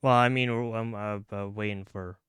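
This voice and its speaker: Young streamer guy, smooth and dry. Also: fairly low pitch, fairly even intonation, normal speed, a bit bright, no room sound. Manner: rambling, restarts often, loose slang. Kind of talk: casual live-stream chat while gaming. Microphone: studio mic with pop filter.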